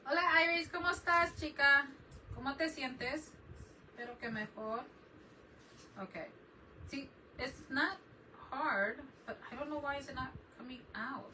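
A woman's voice: high-pitched, moderate pace, long pauses, bright, forceful tone. A woman hosting a casual craft live stream from her desk at home, chatting and laughing often as she greets viewers by name. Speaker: craft channel host. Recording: distant mic with faint background noise.

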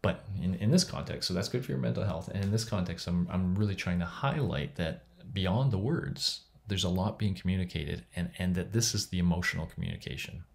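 A man's voice: deep voice, a little fast, creaky, hardly any pauses. A middle-aged man giving a casual recorded lecture from home, talking in a conversational, rambling way. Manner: conversational, rambling with restarts and soft laughs.

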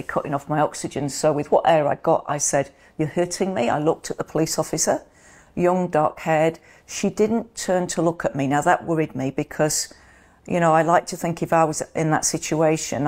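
Middle-aged woman from the UK, low voice, earnest interview guest telling her story. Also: darkish tone. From United Kingdom. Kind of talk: interview, personal account.

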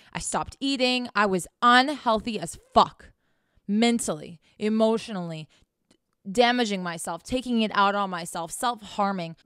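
A woman's voice: mid-range voice, fairly bright tone, clear, resonant tone, dry recording, studio quality. A woman talking straight to the viewer in a candid motivational monologue, blunt, profane and sarcastic, scolding the listener directly. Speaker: host.

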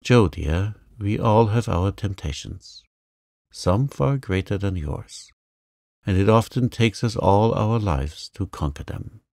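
A man reading the part of a calm, gentle middle-aged mother who speaks tenderly, in a storybook reading. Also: on the low side, slow, vocal fry, dry recording, clean studio sound, heavily acted. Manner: soothing, tender.

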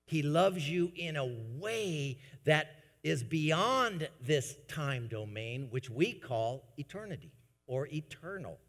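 A man preaching a sermon to his congregation, swinging between soft, low asides and loud, emphatic bursts. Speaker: pastor. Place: church sanctuary. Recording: long church reverb.

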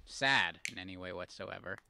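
A man's voice: deep voice, normal speed, vocal fry, smooth, dry recording. A man co-hosting a podcast, teasing his partner in casual chat. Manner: teasing, lively. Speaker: podcast co-host.

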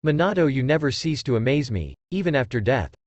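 A man's voice: mid-range voice, sing-song, brisk, dry recording, close to an everyday voice. A man voicing a stern elderly male village leader who speaks in a guarded, probing way. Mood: warm.

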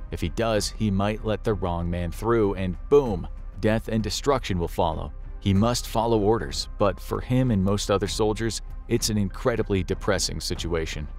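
A man's voice: low-pitched, darkish tone. A man narrating a scripted documentary in a grave, dramatic storytelling manner.

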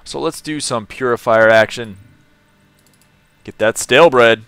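A man's voice: mid-range voice, measured pace, fairly bright tone, clean tone, dry recording. A man from California live-streaming a game, chatting casually, laughing often and greeting viewers in the chat.

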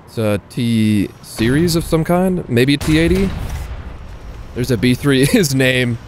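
With a mid-range, darkish voice and lively intonation, a man unhurriedly comments on the game he's playing for his video audience. He mutters to himself and tosses swearing asides to viewers, over slight background noise.

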